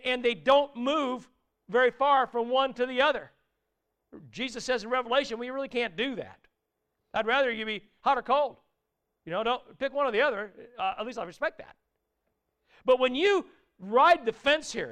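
Earnest high-voiced male preacher, smooth tone. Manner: earnest and conversational, with sudden loud exclaimed asides. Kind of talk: sermon.

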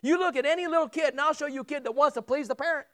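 A man's voice: very high voice, rapid-fire, bright, forceful tone. A man preaching a sermon in a church, talking casually and asking the congregation questions, often repeating words as he presses a point.

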